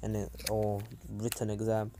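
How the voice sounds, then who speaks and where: A man's voice: on the low side, completely flat delivery, moderate pace, dark tone, slight background noise, lightly acted. A man voicing a cold, distant teenage male ninja, with curt, muttered lines.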